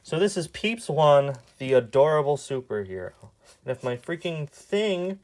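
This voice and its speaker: A young man casually commenting as he reads his old comics aloud, sarcastic and exasperated, with quick asides. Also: a little high, lively intonation, a little mellow. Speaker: YouTube artist.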